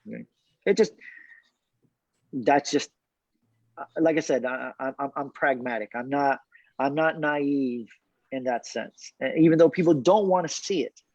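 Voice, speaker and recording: Man, animated, repeats himself, speaking from a car, dull dry sound. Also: medium pitch, unhurried, pauses often, no echo. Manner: animated, repeats words, laughs often. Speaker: cigar brand founder, guest. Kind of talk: casual interview chat. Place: inside his car. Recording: dull dry remote call audio.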